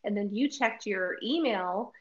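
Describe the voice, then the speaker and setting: On dull lo-fi audio, a woman with a medium-pitched, slightly slow voice co-hosts a casual podcast chat. She tells a travel story in an animated way, laughing often and acting out quotes.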